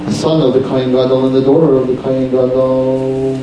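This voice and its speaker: A man's voice: mid-range voice, monotone, fairly quick, background noise. A man telling a story as a sermon, as a religious teacher with a dramatic storytelling manner. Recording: very echoey hall, distant mic.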